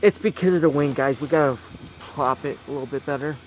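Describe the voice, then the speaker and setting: A man giving a casual vlog tour of holiday decorations outdoors on a phone, talking gently and repeating himself often. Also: a little high, brisk, slight background noise. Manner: repetitive, gentle, keeps saying very very nice. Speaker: vlogger. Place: outdoors at night by a house.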